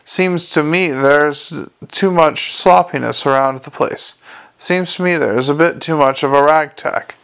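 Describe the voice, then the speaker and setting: A man's voice: on the high side, measured pace, gravelly, a bit bright, clear, resonant tone. A man doing a pompous blustering guard captain. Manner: pompous, bullying, repetitive.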